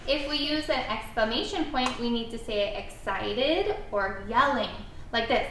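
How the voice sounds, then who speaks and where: A woman teacher guiding a young child through writing, with animated, encouraging step-by-step prompts. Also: a little high, moderate pace, few pauses, a little hiss or hum. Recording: echoey room, mic at a distance.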